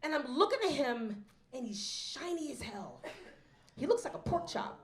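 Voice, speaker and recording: A woman telling a stand-up comedy story, animated and acting out the voices, before a live audience. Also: high-pitched, a little slow, slight background noise. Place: event hall with live audience. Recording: roomy hall echo.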